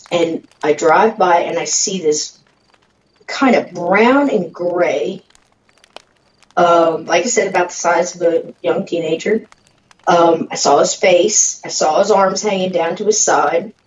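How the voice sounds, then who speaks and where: A woman telling a personal story in a casual, halting way, with fillers and pauses. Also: lowish voice, darkish tone, slight background noise. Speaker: guest storyteller. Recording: distant, dull audio in a roomy space.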